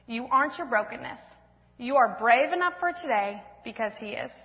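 High-voiced woman reading in an echoey church. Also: lively intonation, moderate pace. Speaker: church speaker. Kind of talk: reading a children's storybook aloud to a congregation. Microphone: handheld or stand mic. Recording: echoey church hall, dull sound.

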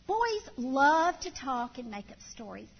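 A middle-aged woman tells folksy, animated stories to a church audience. Her high voice rings with a long hall reverb. The recording sounds dull, with faint ambience behind. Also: measured pace, slightly rough. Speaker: church speaker. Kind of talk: storytelling talk to a church audience.

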